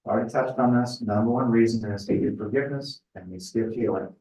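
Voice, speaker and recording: A middle-aged man speaking at a spiritual retreat in a conversational, thoughtful way, often pausing with fillers. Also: lowish voice, dark tone. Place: retreat house meeting room. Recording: echoey room, voice picked up from a distance.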